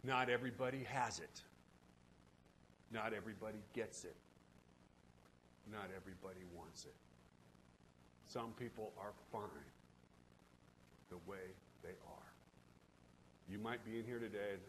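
A man preaching a sermon in a church, swinging between loud, fervent preaching and hushed asides. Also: lowish voice, a little slow, long pauses, slight background noise. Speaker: pastor. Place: church sanctuary.

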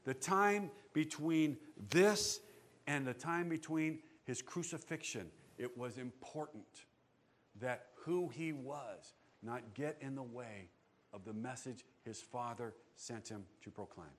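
A male pastor preaching a sermon, animated, asking the congregation rhetorical questions. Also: mid-range voice, slow pace.

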